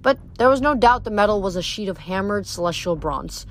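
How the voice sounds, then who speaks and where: A woman reading a novel aloud in a steady, expressive voice. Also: medium pitch, a little fast, soft background music. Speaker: audiobook reader.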